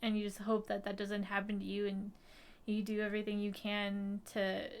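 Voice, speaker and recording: A woman's voice: mid-range voice, completely flat delivery, normal speed, smooth. A woman co-hosting a live film discussion stream, chatting casually with lots of fillers and little hedges.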